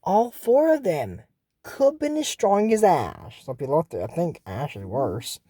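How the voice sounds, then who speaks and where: A woman's voice: low voice, big pitch swings, a little slow, dark tone, slightly rough, dry recording, studio quality. A woman casually recapping a cartoon episode, rambling and joking in asides. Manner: rambling, jokey, trails off into asides.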